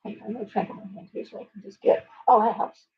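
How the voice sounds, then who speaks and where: A woman's voice: mid-range voice, steady tone, fast talker, lo-fi sound, slight background noise. Woman telling shop stories on a live stream. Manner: rambling storytelling, acts out clients' lines. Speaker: tarot reader and shop owner hosting a live stream. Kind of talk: casual live-stream chat.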